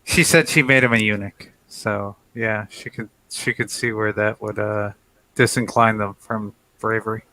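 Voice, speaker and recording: A man's voice: on the low side, fairly even intonation, moderate pace, pushed and bright, dry recording, low-quality recording. A man playing a tabletop game, making dry, wry remarks and sighing. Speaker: player. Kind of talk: casual chat at a game table.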